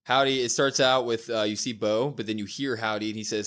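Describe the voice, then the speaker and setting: A man co-hosting a wrestling review podcast, casually recapping scenes and acting out the lines in animated voices. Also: fairly low pitch, fairly quick, hardly any pauses, smooth. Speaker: podcast co-host.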